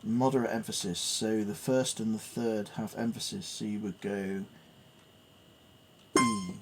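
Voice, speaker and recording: A man's voice: lowish voice, steady tone, moderate pace, very noisy. A man thinking aloud as he works through piano theory, reading notes and musing hesitantly with fillers. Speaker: piano learner. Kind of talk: thinking aloud while studying music theory.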